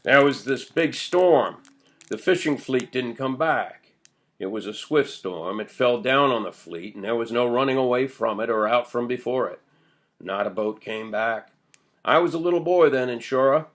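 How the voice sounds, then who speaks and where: A man's voice: mid-range voice, animated, moderate pace, lightly acted. A man reading an old villager's first-person tale of his boyhood, told in earnest storytelling. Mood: wistful. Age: older. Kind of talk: audiobook character voice.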